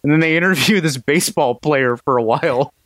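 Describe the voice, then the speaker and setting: A man hosting a casual podcast, rambling through stories with a wry, amused edge. His voice sits a little high, and the recording is dry and close. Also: a little fast, dry recording. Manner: wry, rambling storytelling with frequent laughs. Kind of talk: casual chat.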